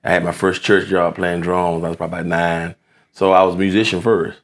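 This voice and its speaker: Deep, gravelly-voiced pastor. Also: male voice, little pitch movement, a little fast. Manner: earnest, sermon-like phrasing. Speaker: pastor and guest. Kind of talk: casual interview chat.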